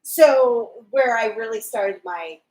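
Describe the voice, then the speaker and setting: A woman's voice: a little high, slow pace, darkish tone, echoey room, low-quality recording. A woman co-hosting a casual fan discussion livestream, chatty and recapping scenes with quoted lines. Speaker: podcast co-host.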